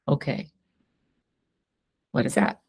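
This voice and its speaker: A middle-aged woman co-hosting a couples talk show, chatting casually and acting out quoted lines with frequent laughter. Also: takes it slowly. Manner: animated, acts out quoted lines, laughs often. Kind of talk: casual conversation walking through a worksheet.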